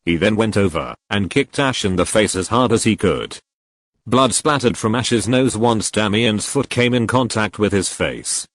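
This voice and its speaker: Story narrator, man, low voice, dry close sound. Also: moderate pace, no room sound. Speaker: fan-fiction reader. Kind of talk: audiobook-style story narration.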